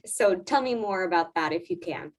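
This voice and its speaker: A woman's voice: on the low side, expressive, moderate pace. A woman on a video call asking a question hesitantly, with many fillers.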